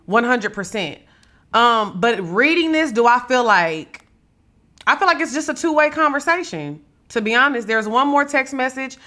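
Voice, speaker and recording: Sassy bright-voiced woman podcast host. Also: on the high side, expressive, normal speed. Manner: sassy, blunt, swears freely, dramatic. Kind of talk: casual gossip commentary.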